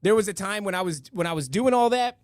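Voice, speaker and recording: A middle-aged man hosts a live-stream show in a loose, rambling way, full of restarts and asides. His voice sits a little high for a man. The sound is dry, with no room echo. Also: expressive, fast. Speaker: podcast host reading donations and chat. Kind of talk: casual live-stream chat.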